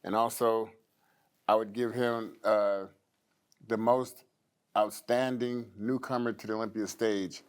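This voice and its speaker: A man's voice: fairly low pitch, fairly even intonation, measured pace, pauses often, clean tone. A man co-hosting a casual talk, rambling with many restarts. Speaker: co-host. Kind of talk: casual bodybuilding chat.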